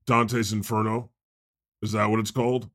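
A man's voice: on the low side, little pitch movement, normal speed, fairly bright tone, dry recording, clean studio sound. A man riffing as God on an improvised comedy podcast, rambling and jokey, often laughing. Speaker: podcast host playing God.

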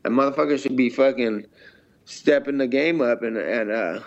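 A man's voice: medium pitch, moderate pace, dull audio. A man who fights professionally, talking in a casual interview in a brash, rambling, heavily profane way.

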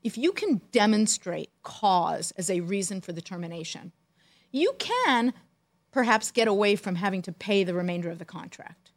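A woman co-hosting a podcast, a former team executive telling animated stories with dry jokes. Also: mid-range voice, moderate pace, no echo. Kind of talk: casual storytelling chat.

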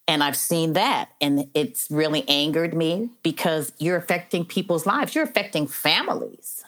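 Low-voiced earnest middle-aged woman. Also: normal speed, a bit bright. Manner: earnest, heartfelt, many "you know" fillers. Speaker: interview guest, probation officer. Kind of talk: conversational storytelling interview.

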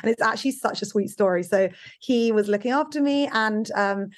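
Chatty woman podcast host. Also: fairly quick. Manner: chatty storytelling, high energy. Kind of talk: casual podcast chat.

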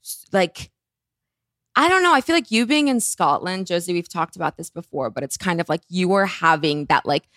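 A woman's voice: lowish voice, lively intonation, moderate pace, fairly bright tone, no room sound, clean studio sound. A woman in her twenties, co-hosting a podcast, bubbly and rambling, with lots of filler words. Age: 20s. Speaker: podcast co-host. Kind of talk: casual chat.

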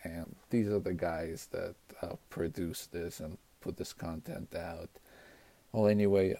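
A man's voice: low voice, steady tone, unhurried, dark tone, no room sound. A man, a podcast listener, in an earnest recorded message thanking the show.

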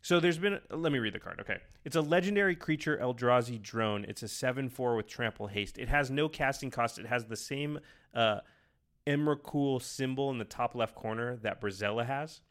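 A man co-hosting a podcast, talking casually, quick and enthusiastic, rambling with restarts. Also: medium pitch, fairly bright tone. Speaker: podcast co-host. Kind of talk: casual chat.

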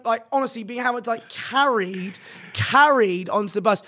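A young man with a notably high-pitched voice, chatting on a podcast. He rambles through his stories with lots of fillers and restarts, always animated and conversational. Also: moderate pace, a little hiss or hum. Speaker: podcast guest, streamer. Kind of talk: casual storytelling chat.

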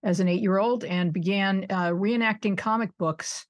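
A podcast guest in her sixties, this upstate New Yorker from suburban Buffalo laughs frequently and pokes fun at herself during a casual interview. Her medium-pitched voice holds a steady tone at normal speed.

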